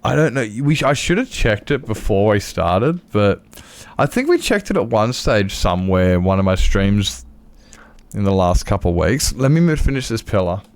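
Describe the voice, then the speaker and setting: A man's voice: on the low side, big pitch swings, moderate pace, no echo. An Australian man streaming a game, chatting casually and rambling in a self-mocking way with his viewers. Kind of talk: casual live-stream chat while playing.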